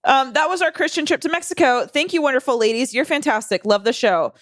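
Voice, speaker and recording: Young female co-host, a touch high-pitched, deadpan sarcasm, dry close-mic sound. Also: fast talker, no echo. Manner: sarcastic, profane, reads listener stories aloud. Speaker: podcast co-host. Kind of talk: casual podcast chat.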